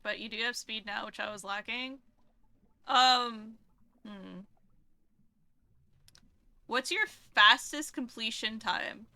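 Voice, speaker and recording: A woman live streamer chatting casually while gaming, cooing baby talk to her cat and cheering in excited bursts. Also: a little high, takes it slowly, pauses often, no echo.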